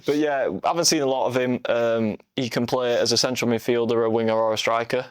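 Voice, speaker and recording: A man's voice: mid-range voice, steady tone, quick pace, clean tone, no echo, clean studio sound. A man, co-hosting a casual football podcast, talking bluntly and laughing often. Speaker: podcast co-host.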